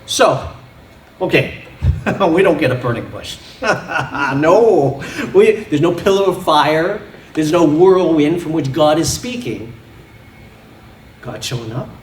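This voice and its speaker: Animated man preaching in a roomy church. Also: on the high side, takes it slowly, far from the mic, slight background noise. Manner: animated, laughing often, with sound effects and props. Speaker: pastor. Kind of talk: sermon. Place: church sanctuary.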